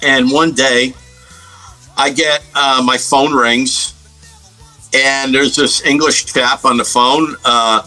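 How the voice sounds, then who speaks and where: A man's voice: mid-range voice, steady tone, slow pace, pushed and bright, faint music behind, poor audio. A middle-aged man from the United States, a guest guitarist telling stories in a casual interview, rambling with many fillers and restarts.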